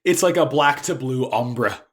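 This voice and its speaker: A man casually recapping an anime episode as podcast co-host, animated and swearing freely. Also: mid-range voice, slightly rough. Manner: animated, swears freely, acts out characters' lines in quick bursts.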